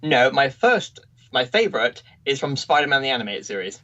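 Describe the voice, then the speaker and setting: A male podcast co-host talks in an easygoing, slightly hesitant way and laughs readily. His voice has an ordinary middle pitch for a man. The recording sounds dull and lo-fi. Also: sing-song, fairly quick, pushed and bright. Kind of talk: casual review chat.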